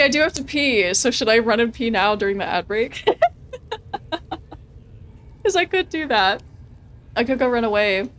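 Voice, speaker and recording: A woman's voice: fairly high pitch, fairly bright tone. A young woman live-streaming a video game, chatting casually, laughing often and reading game options aloud.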